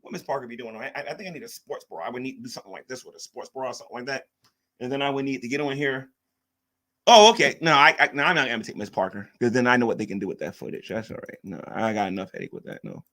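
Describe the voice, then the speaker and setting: A man's voice: medium pitch, racing, sharp tone. A man hosting a live stream, mocking and arguing with chat commenters in a casual rant. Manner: mocking, combative, reads chat aloud.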